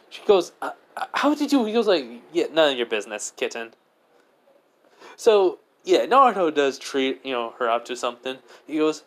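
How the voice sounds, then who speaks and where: Rambling young man retelling a fan story. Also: mid-range voice. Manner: rambling, filler-heavy retelling with many "he goes, she goes". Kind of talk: improvised story narration.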